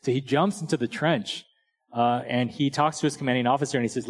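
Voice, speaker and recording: A man's voice: mid-range voice, steady tone, fairly quick. A man preaching a sermon in a casual, conversational way, checking in with "right?" and telling stories and jokes. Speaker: pastor. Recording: long hall reverb.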